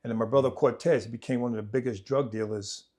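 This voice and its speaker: A man in an average pitch range tells his childhood story in a podcast conversation. He repeats phrases for emphasis and swings from loud, animated bursts to hushed, low stretches. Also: fast talker. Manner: vivid, repetitive retelling that acts out family members' voices. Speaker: podcast host telling his life story.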